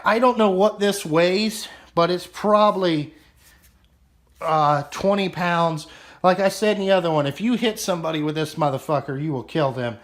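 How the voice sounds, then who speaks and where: Man, 30s, slow-paced, rambling and profane, casual show-and-tell, echoey room. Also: sits high, a bit bright, slight background noise. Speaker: vlogger showing his toolbox.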